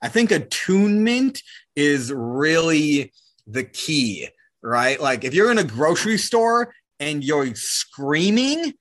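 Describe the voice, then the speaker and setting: Casting: male guest, New Zealand accent, relaxed chatty delivery, voice sits a little high. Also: slow. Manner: casual, heavy use of "like" and "right?", laughs easily. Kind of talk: reflective conversational interview.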